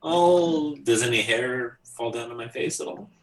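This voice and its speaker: A man's voice: mid-range voice, little pitch movement, normal speed, bright, forceful tone, low-quality recording. A man playing a tabletop role-playing game, joking around and laughing often. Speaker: player. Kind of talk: casual tabletop play.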